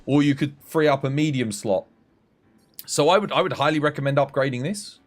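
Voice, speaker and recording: A man with an English accent, chatting casually on a game livestream and coaching viewers in a relaxed, friendly way. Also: a little high, fairly quick, faint music behind. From England. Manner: relaxed, chatty, addresses chat as mate.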